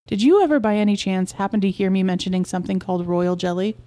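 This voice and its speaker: A woman voicing an excitable, proud middle-aged beekeeper husband who coaxes and insists, in a storybook reading. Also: mid-range voice, quick pace, close to an everyday voice. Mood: coaxing.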